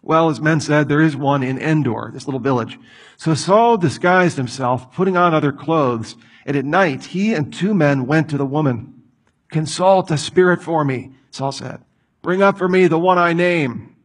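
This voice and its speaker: A man preaching a sermon, reading a passage and acting out the people in it with lively commentary. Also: on the high side, normal speed. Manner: animated, acts out voices of the people in the story. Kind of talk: expository sermon.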